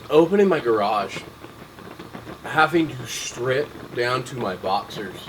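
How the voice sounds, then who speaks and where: A man's voice: medium pitch, animated, slow, a little hiss or hum, poor audio. A young adult man hosting a casual chat, rambling with lots of ums and restarts. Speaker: podcast host.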